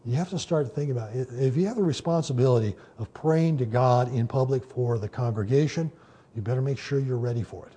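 A man preaching a sermon in a conversational teaching manner, often pausing with "okay" and "you know". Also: medium pitch, warm tone, breathy edge. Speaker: pastor.

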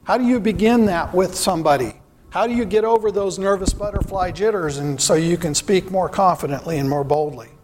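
Man, high-pitched, sermon, earnest, rhetorical questions. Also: fairly quick, a little mellow, long reverb tail, a little hiss or hum. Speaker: church speaker.

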